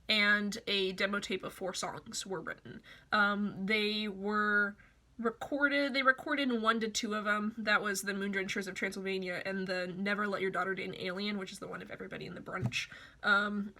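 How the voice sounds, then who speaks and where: Bright-voiced man recapping a plot. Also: high-pitched. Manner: profane, offhand storytelling. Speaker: video reviewer. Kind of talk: casual comedic plot recap.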